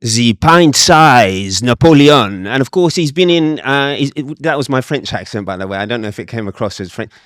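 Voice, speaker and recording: A man's voice: medium pitch, quick pace, few pauses, dry recording, studio quality. A man co-hosting a political chat show as a reporter, wry and joking, with hesitant fillers. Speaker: co-host, reporter.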